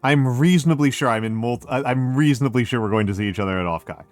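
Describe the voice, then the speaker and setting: A man's voice: mid-range voice, fast, dry recording, soft background music. Rambling man with a Chicago accent. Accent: Chicago with some New York. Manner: rambling, self-correcting, many fillers. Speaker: VTuber streamer. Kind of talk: casual stream chat.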